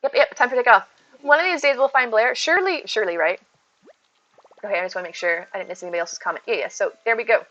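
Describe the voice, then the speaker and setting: Bubbly bright-voiced woman streamer. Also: fairly high pitch, quick pace, no room sound. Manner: bubbly and chatty, thanking viewers, giggly asides. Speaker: streamer hosting a game stream. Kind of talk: casual live-stream chat, reading chat aloud. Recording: dull lo-fi stream audio. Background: faint game music.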